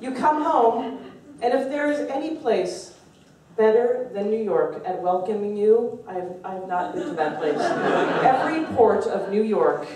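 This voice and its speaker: A woman comedian arguing a comic debate on stage, sarcastic and animated, swearing and mocking people in put-on voices. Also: mid-range voice, unhurried, background noise. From Canada. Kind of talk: stand-up comedy argument. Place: stage in a room with a live audience. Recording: echoey room recorded from a distance.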